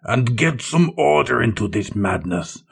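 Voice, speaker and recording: A man voicing a furious renegade space captain who shouts and rants threats, in a gravelly, husky voice. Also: mid-range voice, lively intonation, a little slow, pitched above the performer's own voice, exaggerated voice.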